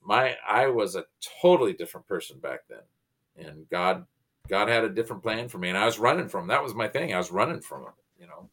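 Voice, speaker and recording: A low-pitched man shares his faith testimony as a guest, earnest and emotional, his voice rising with feeling in the big moments. He tells it as a personal story, not a sermon. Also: a little fast. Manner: earnest, emotional, animated retelling. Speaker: pastor, comedian and author, guest.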